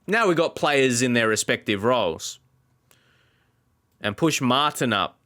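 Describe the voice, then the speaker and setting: A man's voice: medium pitch, lively intonation, unhurried, sharp tone. A man giving let's play commentary as a gaming YouTuber, often exasperated and talking back at the game.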